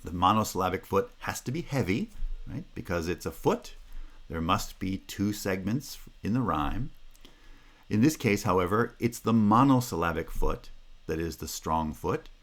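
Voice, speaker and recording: A North American man delivers a university lecture in a low, steady voice. He explains patiently, working through examples one by one and pausing with an occasional "uh.". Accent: North American English. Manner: measured, explanatory, pauses with "uh". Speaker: linguistics lecturer.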